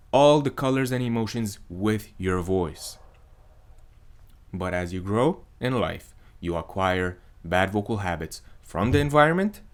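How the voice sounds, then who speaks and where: A man teaching as a voice coach in a calm, measured scripted monologue, letting his statements fall at the end. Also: lowish voice.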